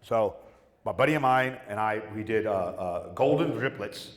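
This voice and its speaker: A man's voice: lowish voice, animated, normal speed. A man on a convention panel, telling a story with lots of swearing and acting out the voices of the people in it. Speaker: panel guest. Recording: roomy hall with long reverb.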